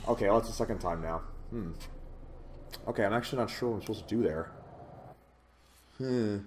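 Man, gaming commentary, jumpy, swears a lot, lowish voice, faint noise behind. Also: fairly quick, darkish tone. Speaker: let's play host. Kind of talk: horror gameplay commentary.

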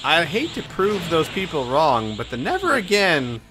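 A man's voice: fairly high pitch, wildly swooping pitch, moderate pace. A man giving casual, joking live commentary on a computer fight, easily distracted and laughing often. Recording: loud game music under the voice.

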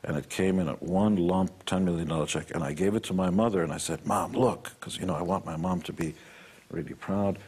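A man's voice: low-pitched, fairly even intonation, a little fast, darkish tone, husky. A man being interviewed on a television talk show, talking in a blunt, preachy way with the odd self-mocking laugh. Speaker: interview guest. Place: television studio.

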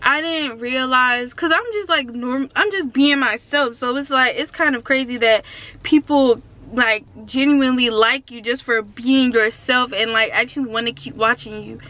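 A young woman of about nineteen, chatting excitedly in a casual vlog from inside her car, with lots of "like" and "um". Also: sits high, moderate pace. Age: around 19. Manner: excitable and chatty, full of fillers like "like" and "um". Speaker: vlogger.

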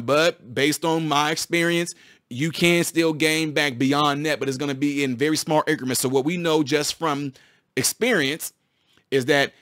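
A man, a former physical therapist, explaining a medical topic to his viewers in a casual, excited way, often restarting and repeating phrases. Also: on the high side, no room sound, studio quality.

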